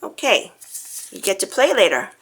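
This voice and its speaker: A woman narrating a casual home video, excitable and cooing baby talk to her pet bird. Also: mid-range voice, moderate pace, rough recording. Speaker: pet vlogger. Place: at home indoors.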